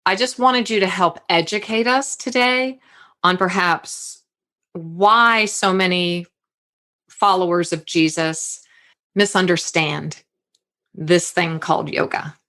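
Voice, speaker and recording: A woman hosting a podcast interview, talking in an animated way that often breaks off and restarts her sentences. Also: on the low side, slow. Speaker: podcast host. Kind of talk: conversational interview.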